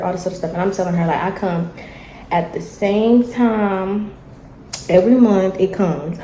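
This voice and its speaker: A young woman, telling a story in a casual, animated vlog chat and acting out the dialogue. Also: mid-range voice, normal speed, reverberant, slight background noise, low-quality recording. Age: young adult. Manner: animated, chatty, acts out dialogue. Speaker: vlogger. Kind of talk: casual storytelling while eating.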